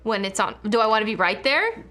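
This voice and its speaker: A woman player in a tabletop game, chatty and quick to apologize. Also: a little high, sing-song, pushed and bright, soft background music. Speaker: player and co-host. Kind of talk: casual tabletop play.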